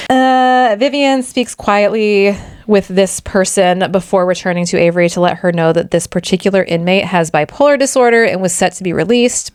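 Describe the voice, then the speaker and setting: A woman's voice: fairly low pitch, smooth, no echo, clean studio sound. A woman co-hosting a podcast, chattily recapping a book plot with sarcastic asides and frequent laughs. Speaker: podcast co-host.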